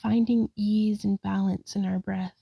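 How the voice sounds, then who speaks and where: Breathy upbeat woman guiding yoga. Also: medium pitch, level tone, measured pace, warm tone, dry recording, low-quality recording. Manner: breathy, sighing between cues; upbeat, self-encouraging. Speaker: yoga vlogger. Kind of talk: guided yoga practice narration.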